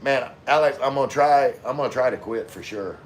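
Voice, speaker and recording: A man's voice: mid-range voice, brisk, a little hiss or hum. A middle-aged man hosting a casual livestream, answering viewer comments in a laid-back way with lots of fillers. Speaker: livestream host reading chat.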